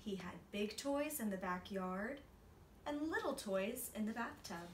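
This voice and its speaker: A woman's voice: mid-range voice, animated, a little slow. Woman reading a picture book aloud. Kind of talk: storybook read-aloud for children. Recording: echoey room, voice from a distance, faint hiss.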